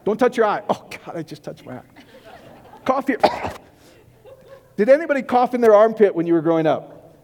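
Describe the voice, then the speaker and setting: A man preaching a casual, joking sermon, rambling and excitable, giddy from too little sleep. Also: sits high, normal speed, pauses often, some chatter behind. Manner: rambling, excitable, long-winded. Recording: long reverb of a large hall.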